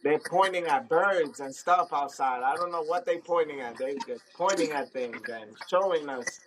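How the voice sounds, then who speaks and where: Excitable man telling a wild story. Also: fairly high pitch, moderate pace, poor audio. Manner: excitable, laughing, acts out dialogue. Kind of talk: animated anecdote, quoting others. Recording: crowd noise behind.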